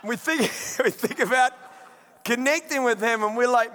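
A pastor preaching a sermon in a conversational, emphatic way, with friendly asides. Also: male voice, extremely high pitch, moderate pace, pushed and bright, in a large hall.

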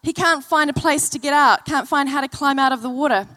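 A woman's voice: high voice, a little fast, pushed and bright. A woman preacher delivering an earnest sermon to a church congregation, telling stories and repeating key phrases. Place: church service.

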